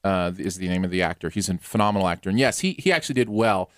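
A man chatting casually as a co-host about a movie in a relaxed way. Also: deep voice, rapid-fire, no echo, studio quality. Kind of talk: casual chat.

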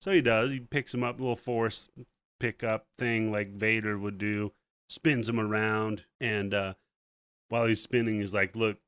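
Male podcast co-host, low and dry, casual profane movie recap. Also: measured pace, smooth, no echo. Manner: profane, animated retelling with acted-out quotes.

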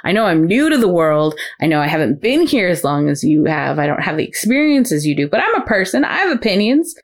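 A man's voice: high voice, sing-song, unhurried, warm tone, heavily acted. A woman voicing an earnest boyfriend pillow, new to the world, pleading to be treated as a person. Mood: indignant. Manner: pleading, indignant. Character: earnest newly alive male boyfriend pillow.

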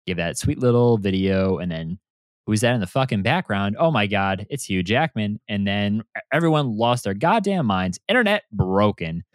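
A man hosting a podcast, talking in an excitable, animated way and swearing freely. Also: lowish voice, no echo, studio quality. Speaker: podcast host. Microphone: remote recording setup.

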